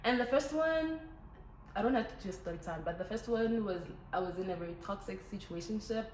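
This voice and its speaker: Young woman, casual chat to camera, animated, echoey room. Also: medium pitch. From Botswana. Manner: chatty, animated, switches languages. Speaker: vlogger. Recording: echoey room, faint ambient noise.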